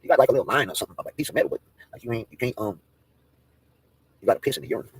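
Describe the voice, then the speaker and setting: A man's voice: mid-range voice, lively intonation, very fast, a bit bright, slightly rough, dry recording. A man on a livestream ranting in a brash, profane, mocking way and roasting people in casual talk.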